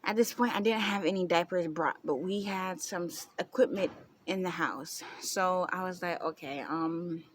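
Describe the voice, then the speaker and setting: A woman's voice: fairly low pitch, moderate pace. A young woman vlogger casually telling a story to the camera, chatty, with frequent laughter. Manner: chatty, laughing often, many fillers.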